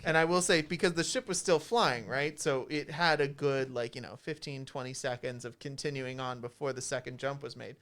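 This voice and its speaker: Man, dungeon master, relaxed chatty narration, smooth clear voice. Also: mid-range voice, fairly quick, few pauses. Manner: relaxed, chatty, many fillers. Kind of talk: narrating a tabletop game. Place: college radio studio.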